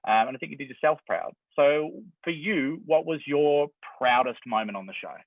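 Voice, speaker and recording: Enthusiastic Australian interviewer on tinny line. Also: male voice, a little high, moderate pace, no echo. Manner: enthusiastic, swears casually. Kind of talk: casual interview questions. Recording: tinny phone-like sound.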